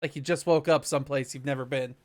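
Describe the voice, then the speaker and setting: A man co-hosting a casual movie review podcast, giggly and quick with questions. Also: mid-range voice, steady tone. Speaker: podcast co-host.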